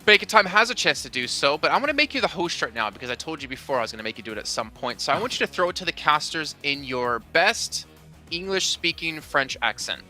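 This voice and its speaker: A man's voice: a little high, very animated, fast, bright, forceful tone, soft background music. A man hosting an esports analysis desk, putting questions to his analysts in an upbeat way. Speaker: desk host.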